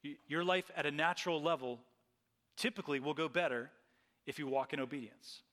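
Pastor guy preaching, bright ringing voice kinda high, long echo like a big hall. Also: brisk. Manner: earnest, repeats and restarts phrases. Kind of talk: sermon.

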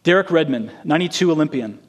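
A man delivering a sermon in an earnest storytelling manner. His voice sits a little high for a man. He acts out the quoted lines as he tells the story. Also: expressive, fast talker. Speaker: preacher.

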